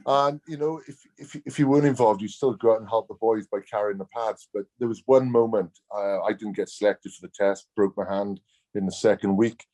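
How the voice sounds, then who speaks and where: A former rugby player from Wales tells stories as a guest in a lowish, dark-toned voice at a fairly quick clip. His manner is casual and blunt, and he laughs often.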